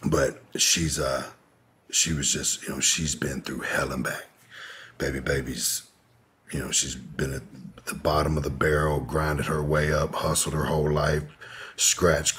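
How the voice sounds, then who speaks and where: Deep, very husky man telling a story. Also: fairly bright tone. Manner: laid-back, rambling, lots of "you know". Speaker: podcast guest. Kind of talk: candid storytelling in an interview.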